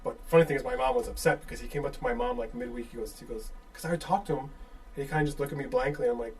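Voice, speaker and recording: A young man from the Chicago suburbs with a Chicago accent, telling animated stories in casual chat and mimicking the voices he quotes. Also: mid-range voice, rapid-fire. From Chicago suburbs, USA.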